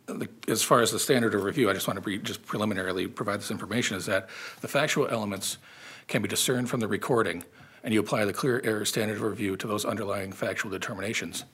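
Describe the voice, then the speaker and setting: A man argues a case before appellate judges, earnest and a little halting, often repeating himself mid-sentence. His voice sits somewhat low and has a husky edge. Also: a bit bright. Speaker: state's attorney. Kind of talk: appellate oral argument.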